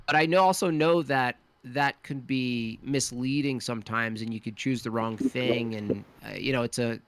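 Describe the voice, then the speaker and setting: A man in a casual debate, talking with many fillers, pauses and restarts. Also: medium pitch, fairly even intonation. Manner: hesitant, lots of fillers and restarts.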